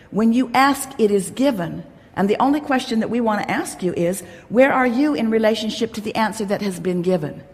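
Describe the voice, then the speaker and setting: Woman giving a motivational talk, emphatic and teachery, middle pitch, long hall echo. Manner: emphatic, teacherly, speaks of herself as "we". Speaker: inspirational speaker at a live gathering. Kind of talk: motivational lecture to an audience. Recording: long hall reverb from a live event.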